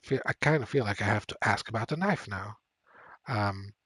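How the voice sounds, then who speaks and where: A man's voice: on the low side, animated, moderate pace, fairly bright tone, slightly rough, dry recording. A man streaming a game, thinking aloud and reading on-screen choices with lots of fillers. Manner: thinks aloud, reads game text, frequent fillers and laughs. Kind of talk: casual live-stream commentary.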